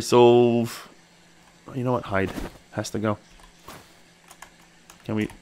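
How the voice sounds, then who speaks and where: Chatting while he plays, this man hosts a let's play for his gaming channel. He muses out loud, speaks to his character, and now and then lets out a sharp, high-pitched yelp of excitement.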